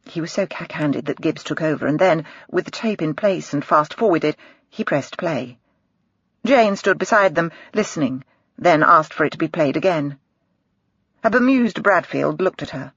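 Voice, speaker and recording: An audiobook narrator reads a crime novel in a measured way, with a husky, slightly breathy voice. The recording is dry and close, with a dull, muffled top. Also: medium pitch, expressive, fairly bright tone, dry recording. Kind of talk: scripted narration.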